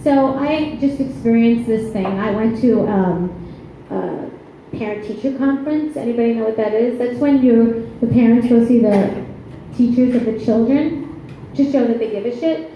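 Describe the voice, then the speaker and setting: Brash, chatty stand-up comic, woman, thirties, slightly high voice, echoey club sound. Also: mellow, a little hiss or hum. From New York. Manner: brash, chatty, quick asides with laughs. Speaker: stand-up comedian. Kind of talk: stand-up comedy set. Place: comedy club.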